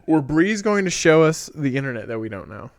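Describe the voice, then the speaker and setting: A man's voice: a little high, big pitch swings, fairly quick, dry recording. A man hosting a podcast, telling stories in casual chat, laughing often and swearing freely. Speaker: podcast host.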